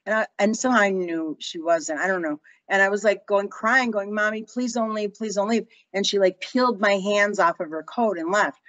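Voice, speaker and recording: A woman's voice: mid-range voice, normal speed, hardly any pauses, no room sound, low-quality recording. A woman in her sixties, a guest telling personal stories in an interview and acting out the voices of people she quotes. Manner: animated, acts out quoted voices. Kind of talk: storytelling interview.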